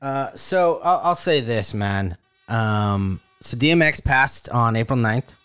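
Animated male podcast co-host, dry sound. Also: mid-range voice, slow, smooth, no room sound, faint music behind. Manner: animated, joking, swings into playful voices. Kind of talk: casual podcast chat.

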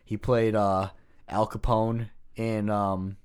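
A man's voice: lowish voice, little pitch movement, slow, a little mellow, smooth. A man in a casual brainstorming chat, laid-back and mostly answering with short replies.

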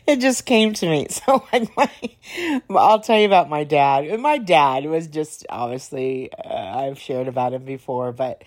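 Podcast host, female, low-pitched, unhurried; casual storytelling with a slight hoarseness. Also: lively intonation. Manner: rambling, laughs while telling stories. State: slightly hoarse, clearing throat.

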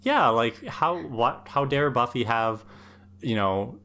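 Man podcast cohost, mid-pitched, earnest and analytical. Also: expressive, slow pace, bright, forceful tone. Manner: earnest, analytical, rising with emphasis. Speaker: podcast co-host. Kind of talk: casual analytical chat.

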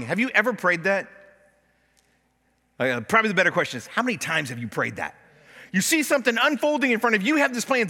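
Speaking fast and animatedly, a male pastor delivers a sermon from the pulpit, dramatizing the prayers and complaints he quotes. His voice is bright and high-pitched, and the church sanctuary's large hall gives it a long, ringing reverb.

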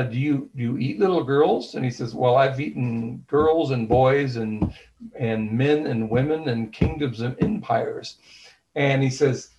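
A man's voice: mid-range voice, poor audio. A man being interviewed as an author, speaking thoughtfully with frequent fillers and restarts, and retelling scenes in quoted dialogue. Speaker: author and guest.

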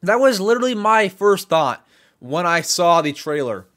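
A young man hosting a casual solo podcast, talking excitably and rambling, with lots of repeated words and restarts. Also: sits high, moderate pace. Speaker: podcast host.

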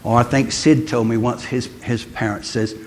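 A man's voice: medium pitch, level tone, moderate pace, a little hiss or hum. An older man giving a sermon, telling stories in a chatty way and asking his listeners questions. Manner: chatty storytelling, asks the congregation questions. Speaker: preacher.

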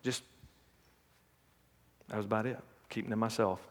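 A man's voice: lowish voice, steady tone, moderate pace, long reverb tail. A middle-aged man preaching a sermon, telling folksy personal stories. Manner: folksy storytelling with laughs and acted quotes.

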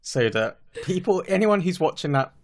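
A man's voice: sits high, sing-song, normal speed. Man, joking podcast co-host. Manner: joking, swears freely, eats while talking. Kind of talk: casual chat. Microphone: own microphone, remote call.

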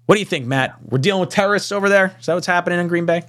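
A man's voice: sits high, racing, fairly bright tone. A man hosting a casual sports panel livestream, joking and reading viewer comments aloud. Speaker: panel host.

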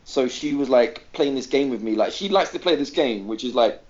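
A man's voice: medium pitch, fairly quick, lo-fi sound. A man co-hosting a podcast, telling a funny story in casual chat, acting out voices and laughing often. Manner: animated, acts out quoted voices, laughs often. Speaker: podcast co-host.

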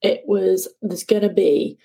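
Woman, storytelling guest, lively, even mid pitch. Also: measured pace, vocal fry, rough recording. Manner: animated, acts out shouting at the sea. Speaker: guest, ocean rower. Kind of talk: conversational interview storytelling.

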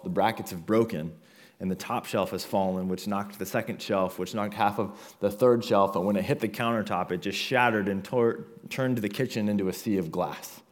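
Male pastor, lowish voice, earnest sermon delivery that builds through repetition. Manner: earnest, building in intensity with repeated phrases.

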